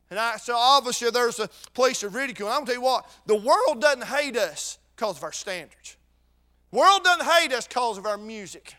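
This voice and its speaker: A man preaching a sermon with fervor, going from shouted peaks to quiet intensity and repeating words as he restarts his sentences. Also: very high-pitched, animated, fairly quick.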